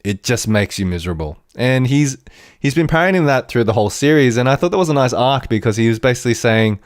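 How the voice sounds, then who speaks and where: A man hosting a podcast, reviewing a TV episode in an animated, rambling way with frequent restarts. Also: medium pitch, fast talker, clean tone, dry recording, clean studio sound. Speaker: podcast host.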